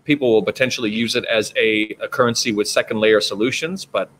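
A man's voice: fairly low pitch, a little fast, a bit bright, a little hiss or hum. A man with a Canadian accent hosting a casual live stream chat, rambling with plenty of fillers and restarts. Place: home in China.

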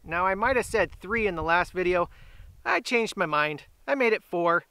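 A man's voice: sits high, animated, bright, forceful tone, clear, resonant tone, no room sound. A middle-aged man hosting an outdoor giveaway video, chatty and upbeat, drawing out the winners' names. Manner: upbeat, chatty, drawn-out announcements. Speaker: grilling channel host. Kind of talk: casual giveaway vlog.

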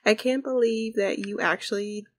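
A woman's voice: fairly high pitch, fairly even intonation, normal speed, lightly acted. A woman voicing a teasing, sassy older female friend who is pregnant.

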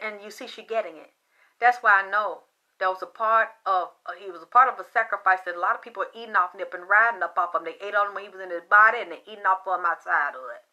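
A woman hosting a video, telling a rambling conspiracy story in an animated, conspiratorial way that swings between loud and soft. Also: mid-range voice, fast, dull audio. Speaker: video host.

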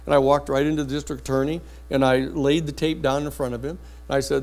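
A man lectures in a university classroom, telling his story in a blunt, lively way. His speaking voice sits at a middling pitch, plain and conversational. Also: quick pace, hardly any pauses.

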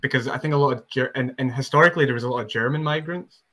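A Scottish man with a bright, forward voice, hosting a relaxed conversation. He rambles off on tangents and pokes fun at himself as he goes. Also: mid-range voice, racing. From Scotland. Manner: rambling, self-deprecating, fond of accents. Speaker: podcast host. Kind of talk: casual chat.

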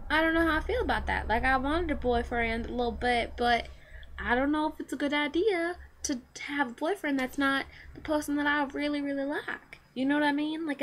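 A high-voiced teenage girl talks her way through a dilemma in a casual confessional vlog. Her tone is bright and light, and she rambles with constant "like"s and sentences she abandons and starts again. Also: a little hiss or hum. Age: teens. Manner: rambling, restless, full of "like" and self-corrections. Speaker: vlogger.

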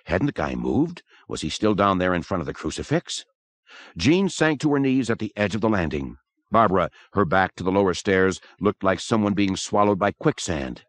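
A man narrating a horror audiobook in an expressive, dramatic manner. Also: low voice, moderate pace, dry recording. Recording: dry close recording.

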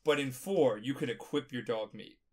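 A man's voice: mid-range voice, normal speed. Drunk young male co-host, profane rambler, mid-range voice. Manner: rambling, profane, jumps into loud playacting. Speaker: podcast co-host. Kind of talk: casual podcast chat.

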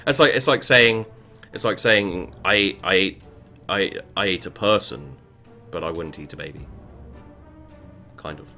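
A man commentating a game as he plays, swearing often and bursting into yells and chanted words. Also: deep voice, measured pace, long pauses, faint music behind. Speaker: gaming video creator. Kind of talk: let's play commentary.

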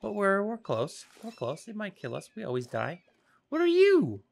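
A gaming video host giving excitable play-by-play commentary, chatting to the game's creatures and swinging between whispers and shouts. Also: medium pitch, normal speed, creaky. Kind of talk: gameplay commentary.

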